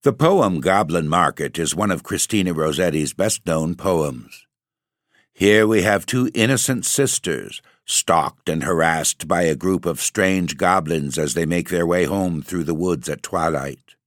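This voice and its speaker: A man's voice: low-pitched, lively intonation, no room sound, clean studio sound. A man hosting and reading a long poem aloud in an ominous, theatrical way. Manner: ominous, drawn-out theatrical delivery. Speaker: narrator and host.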